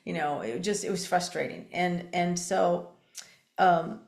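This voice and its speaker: Older woman host, low-pitched, chatty and meandering; recorded in an echoey room. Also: unhurried, creaky, darkish tone. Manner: rambling, many fillers and restarts. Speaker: podcast host. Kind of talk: casual interview chat.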